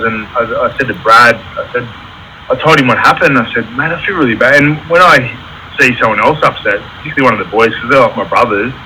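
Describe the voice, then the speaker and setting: Candid tradesman with a bright voice. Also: mid-range voice, slight background noise, rough recording. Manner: candid, storytelling with reenacted quotes. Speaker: electrical contractor, guest. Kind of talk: casual interview talk.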